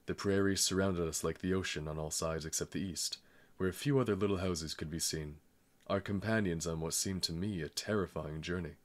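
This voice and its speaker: Deep-voiced man reading a novel. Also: steady tone, fairly quick. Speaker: audiobook reader. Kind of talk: scripted narration.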